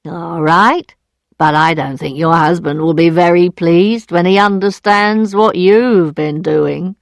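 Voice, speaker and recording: Woman reading as cold scornful moneylender man, slow deliberate words, dry sound, storybook reading. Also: fairly low pitch, steady tone, no echo. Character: cold, mocking male moneylender.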